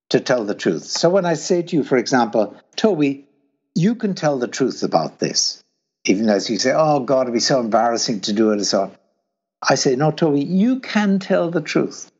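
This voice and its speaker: A man with a husky voice explains ideas in a lively, swooping way, his pitch rising high when he acts out urging someone on. The recording sounds dull and lo-fi. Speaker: guest philosopher. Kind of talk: explanatory conversation.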